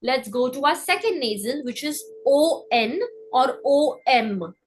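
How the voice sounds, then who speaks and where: Woman teaching pronunciation, higher voice. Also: lively intonation, a little hiss or hum, rough recording. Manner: breaks words down, repeats them slowly, checks in with "okay?". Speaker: French teacher. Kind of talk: live online class.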